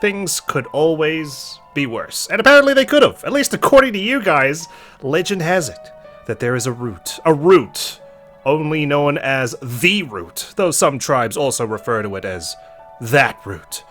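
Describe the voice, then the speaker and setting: Lively, joking man playing a game. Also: on the high side, measured pace, faint music behind. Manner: joking, animated, reads game dialogue aloud. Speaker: let's play host. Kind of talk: casual gameplay commentary.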